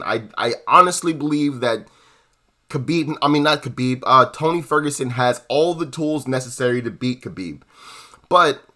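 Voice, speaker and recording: A man ranting to camera about a fight, heated and profane, stumbling over restarts and correcting himself as he goes. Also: mid-range voice. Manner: heated, profane, shouting at times; wandering restarts and self-corrections. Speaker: MMA commentary channel host.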